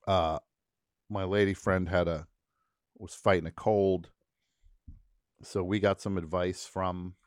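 A man with a lowish voice chats casually in a radio studio, telling a story with real animation. He keeps dropping into goofy impressions and mock accents for the bits. The mic is close and the sound is dry, with no room around it. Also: a little mellow, no echo. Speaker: radio show host. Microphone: studio microphone.

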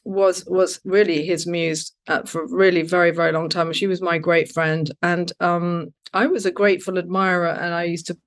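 A woman, an interview guest telling stories in a halting, rambling way with many restarts. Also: fairly low pitch, flat delivery. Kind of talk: casual conversational interview.

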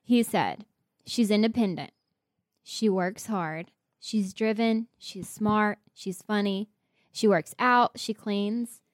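A woman's voice: mid-range voice, no echo, studio quality. A young woman co-hosting a podcast, chatting casually and laughing often while she cuts in. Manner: giggly, quick to interject. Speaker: podcast co-host. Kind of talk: casual chat.

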